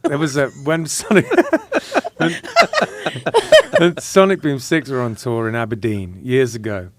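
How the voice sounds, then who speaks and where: Animated male podcast host telling stories. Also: mid-range voice, unhurried. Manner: animated storyteller, stammering restarts. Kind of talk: casual podcast chat. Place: radio studio.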